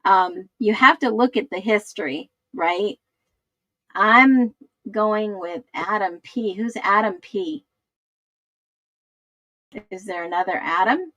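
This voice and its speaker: A woman hosts a casual livestream, reading viewers' comments and musing aloud while she searches for things. She speaks slowly, in a mid-range voice. The sound is dry and close, with little room echo. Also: medium pitch, sharp tone. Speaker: livestream host.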